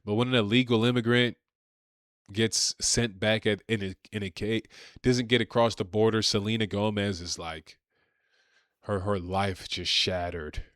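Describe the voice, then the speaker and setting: A man's voice: lowish voice, fairly even intonation, a little slow, a bit bright, no echo, studio quality. A man giving a combative political rant, repeating himself and leaning on slang. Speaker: political commentator.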